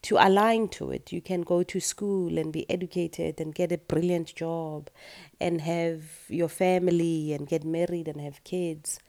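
A woman hosting her own podcast, speaking earnestly in a groggy morning voice, with halting restarts and repeated phrases. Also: sits low, vocal fry, mellow. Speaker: podcast host and retreat teacher. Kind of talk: reflective solo podcast monologue.

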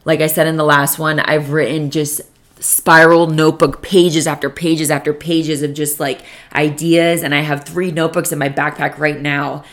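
Speaking at normal speed in a low voice with little pitch movement, a young woman delivers a casual solo podcast monologue into her microphone. She rambles, curses freely, and leans heavily on "like."

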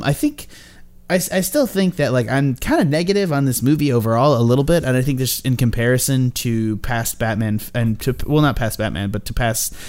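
A man's voice: mid-range voice, darkish tone. A man hosting a casual movie-review podcast, rambling with a lot of laughter and swearing. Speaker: podcast host.

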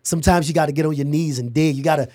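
A middle-aged man, a podcast guest, telling an animated story about starting his company and acting out the dialogue. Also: a little high, racing, no echo, clean studio sound.

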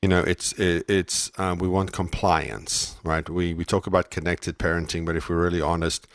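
A very deep-voiced man from South Africa co-hosts a casual parenting podcast. He muses aloud, circling back and restarting his sentences, poking fun at himself. The sound is close and dry. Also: flat delivery, moderate pace, no echo. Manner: reflective, self-deprecating, many restarts. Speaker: podcast co-host.

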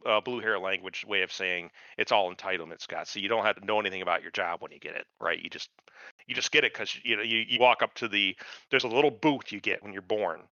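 A man's voice: on the low side, fast, sharp tone, no echo. A middle-aged man co-hosting a podcast, ranting in casual chat with heavy profanity and disbelief. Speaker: podcast co-host. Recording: dull lo-fi podcast mic.

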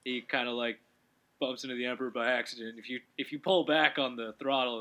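A man hosting a relaxed gaming commentary, rambling and correcting himself as he talks, with quick laughs. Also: medium pitch, dull audio. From Canada. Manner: rambling, self-correcting, giggly. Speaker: let's play host.

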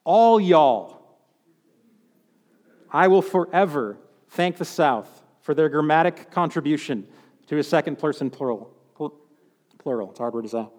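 Male preacher, high voice, chatty sermon with wry asides; long hall reverb. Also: normal speed. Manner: conversational, with joking asides.

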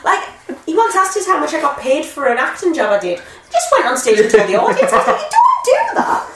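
A woman's voice: high voice, sing-song, quick pace, far from the mic. A woman, a comedian, telling a story in casual chat, swearing and laughing. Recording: roomy echo, faint background noise.

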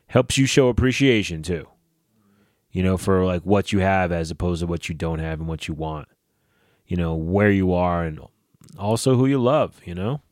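A man hosting a casual solo podcast, swearing freely and ranting in a lively way. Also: fairly low pitch, no echo, clean studio sound. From New Jersey / New York area. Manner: profane, animated ranting. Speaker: podcast host.

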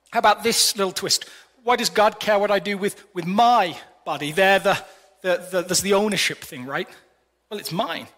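A man's voice: sits high, pushed and bright. A middle-aged man preaching a sermon to a congregation in a conversational, playful way, asking many rhetorical questions. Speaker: pastor. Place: large hall before a congregation. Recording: long hall reverb.

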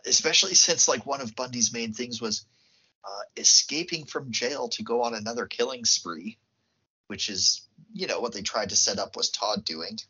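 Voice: mid-range voice, normal speed, sharp tone, breathy edge, highs cut off. A podcast co-host casually recapping a film plot, laughing often.

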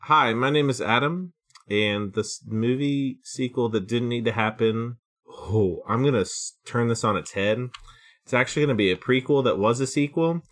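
A man's voice: mid-range voice, moderate pace, fairly bright tone. Chatty joking man at a game table. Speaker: player. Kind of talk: casual chat and in-character play.

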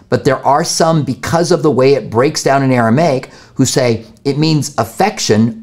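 A man's voice: medium pitch, a little mellow. A man answering viewer questions about the Bible on a live stream, thinking aloud with fillers and restarts.

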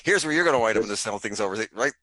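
Sarcastic joking man, lively pitch. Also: no echo. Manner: sarcastic, joking, quick to interrupt. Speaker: guest. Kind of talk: casual podcast banter.

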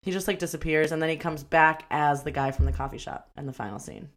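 A woman with a deep, steady voice co-hosts a podcast, chatting casually about a movie in a review. She rambles, laughs readily and acts out lines from it.

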